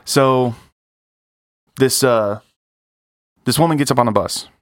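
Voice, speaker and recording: Podcast co-host, male, middle pitch, unhurried joke teller, dry booth sound. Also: dry recording. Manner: drawn-out storytelling with pauses. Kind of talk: casual joke-telling chat.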